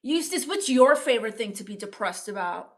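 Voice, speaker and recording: A bitter sixteen-year-old goth girl, as a woman puts her on, mopes through a live stream in a deadpan drone. Her voice sits a little high, and everything she says drips with scorn. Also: fairly quick. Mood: sulky. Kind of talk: live-stream character comedy reading chat.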